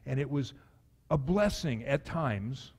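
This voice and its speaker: A middle-aged man preaching a sermon as pastor, lively and acting out quotes with sudden jumps in pitch. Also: slow pace. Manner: animated, acts out quotes with big pitch jumps. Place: church sanctuary. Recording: long church hall reverb.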